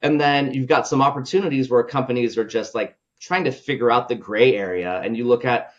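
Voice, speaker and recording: A man's voice: medium pitch, brisk, dull audio. A male podcast guest and product leader talking casually, looping in fillers and ending points with "right?". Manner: loose, filler-heavy, ends points with "right?". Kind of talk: casual conversational interview.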